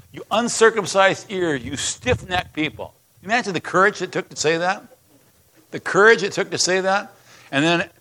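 A man's voice: on the high side, fairly bright tone. A man preaching a sermon as pastor, reading scripture aloud with passion and emphasis.

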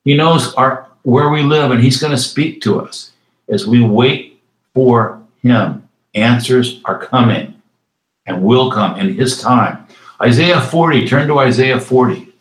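A man's voice: medium pitch, a little hiss or hum. Man preaching in a roomy echo. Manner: reads scripture slowly, then adds quick conversational asides. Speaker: pastor. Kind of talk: sermon.

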